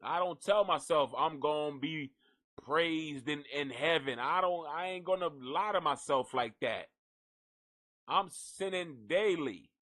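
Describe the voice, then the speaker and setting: Bright-voiced profane live-stream host. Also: male voice, on the high side, unhurried. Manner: profane, rambling, jokey, talks to an unseen donkey. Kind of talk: casual live-stream sign-off rant.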